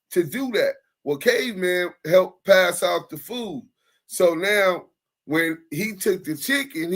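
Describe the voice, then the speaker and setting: A man co-hosting a casual chat, telling a story in loose slang and acting out the people in it. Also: a little high. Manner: animated, slangy storyteller acting out quoted voices. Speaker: co-host.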